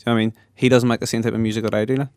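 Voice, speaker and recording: A man's voice: medium pitch, little pitch movement, very fast, darkish tone, no echo, clean studio sound. A man with a Northern Irish Derry accent, a guest rapper in a casual interview chat, often tagging sentences with "lad" and "do you know what I mean". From Derry, Northern Ireland.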